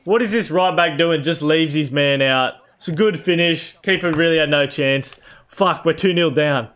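Excitable young man commentating his own gameplay. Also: fairly high pitch, moderate pace. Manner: excitable, swears, shouts at his team. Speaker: gaming YouTuber.

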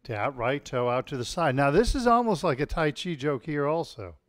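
A man teaching a live-streamed tai chi class at home, calmly calling out movements and telling deadpan puns to an audience he can't hear. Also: a little high, moderate pace, no room sound, soft background music. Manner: calm cueing of movements mixed with deadpan puns.

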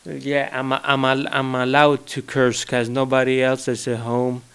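Slow-talking young Greek-accented man. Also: medium pitch, monotone, fairly bright tone, clear, resonant tone. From Greece. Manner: rambling, joking, searches for words. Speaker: vlogger. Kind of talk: casual solo monologue. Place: his home.

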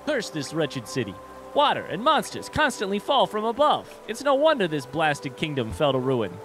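Haughty boastful bug knight, a man putting on the voice, lively swoopy delivery, game music behind. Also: sits high, voice pushed up. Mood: grumbling. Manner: haughty, grumbling, self-important. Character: pompous boastful little male bug knight.

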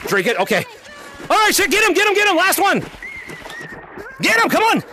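Male VR streamer, very high and lively, shouty and hyped, laughs a lot, headset mic at home. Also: fairly quick, noisy background. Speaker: VR game streamer and lobby host. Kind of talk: excited live gameplay commentary. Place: at home playing in VR.

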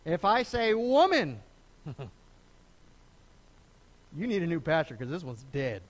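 In a church sanctuary, a middle-aged male pastor preaches a little fast, his high voice full of animation and swinging up and down in pitch. The sermon feels lively and conversational, with frequent false starts and quoted figures voiced in character.

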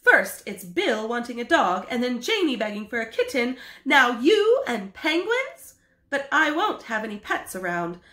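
A woman's voice: fairly high pitch, sing-song, normal speed, hardly any pauses, pushed and bright. A woman voicing a fussy, practical middle-aged housewife in a storybook reading, speaking in a scolding, exclamatory way. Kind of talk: storybook read-aloud. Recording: echoey room.

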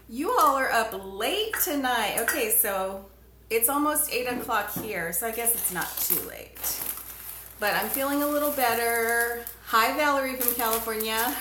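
A woman's voice: medium pitch, sharp tone, a little hiss or hum. A woman hosting a casual live craft stream from home, chatting along and greeting viewers by name as she works. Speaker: craft livestream host. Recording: echoey room.

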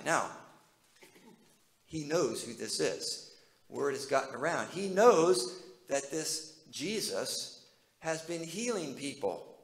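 Brief: male pastor, sermon delivery, slightly raised pitch, asks the congregation questions, echoey room. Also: very animated, slow pace, pauses often. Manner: conversational, asks the listeners many questions.

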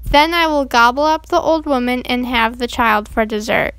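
Storybook wicked wolf, sweet and sly, soft-spoken; a woman reads him, high and dry. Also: normal speed, clear, resonant tone, no echo. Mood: coaxing. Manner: soft coaxing voice, a growl beneath.

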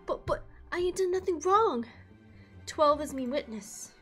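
Scared young refugee, pleading in a high, pinched voice, voiced by a woman. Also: animated, unhurried, a bit bright, soft background music.

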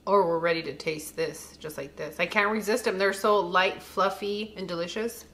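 A woman's voice: on the low side, fairly even intonation, normal speed, a bit bright. A woman hosting a casual cooking demonstration in a home kitchen, chatting directly to her viewers. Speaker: cooking vlog host.

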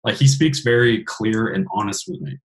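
A man's voice: medium pitch, lively intonation, moderate pace, vocal fry. A man hosting a podcast in casual interview chat, earnest and frank, swearing casually. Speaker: podcast host.

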